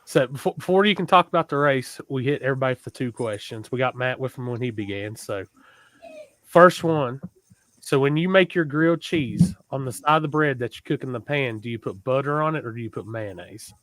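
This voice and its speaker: A man's voice: mid-range voice, expressive, brisk, fairly bright tone, no room sound, rough recording. A man hosting a casual podcast chat, introducing guests and asking questions in a laid-back way. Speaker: host.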